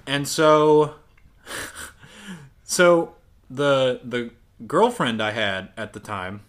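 A young man in his twenties co-hosting a casual podcast, telling animated stories and swearing casually. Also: medium pitch, extremely slow. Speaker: podcast co-host. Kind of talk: casual chat.

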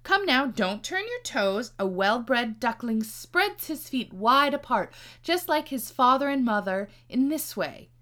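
A woman's voice: on the high side, lively intonation, fairly bright tone. A woman doing a fussy proud mother duck. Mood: instructive. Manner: exaggerated, slow deliberate storybook delivery.

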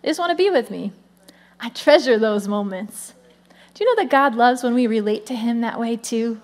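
A woman in her thirties, the lead pastor, giving a lively conversational sermon with frequent "come on" asides. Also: high voice.

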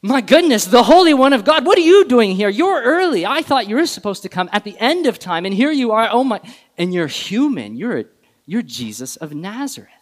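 Startled male demon played by a man, high and panicky, swinging wildly in pitch; long hall reverb around him. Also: big pitch swings, moderate pace. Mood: panicked surprise.

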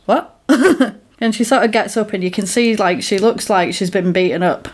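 Woman co-host, casual film recap, giggly, acts out lines; mid pitch. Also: fairly even intonation, fairly quick.

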